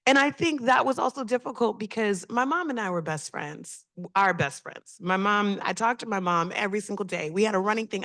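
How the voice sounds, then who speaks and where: A woman's voice: medium pitch, a bit bright. A woman speaking on a community panel, telling a personal story in a heartfelt, reflective way with frequent hesitations.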